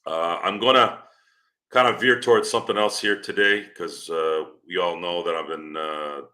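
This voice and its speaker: A man's voice: low voice, pushed and bright. A man hosting a casual sports stream, rambling and teasing the people in his chat. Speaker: podcast host.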